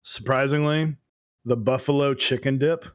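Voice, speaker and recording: A man's voice: medium pitch, fairly even intonation, normal speed, no room sound, clean studio sound. A man co-hosting a livestream show, ranting in goofy mock anger and swearing a lot. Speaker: co-host of a keyboard livestream show. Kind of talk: casual chat.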